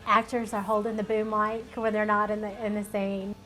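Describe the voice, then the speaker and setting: A woman's voice: mid-range voice, little pitch movement, normal speed, sharp tone, faint music behind. A woman, an actress, speaking in an easygoing, upbeat way in a documentary interview.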